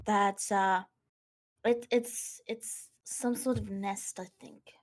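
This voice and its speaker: A woman voicing a pink-haired elf quest clerk who briefs adventurers in a halting, matter-of-fact way with many fillers. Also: mid-range voice, fairly even intonation, natural voice. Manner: hesitant, halting delivery with fillers.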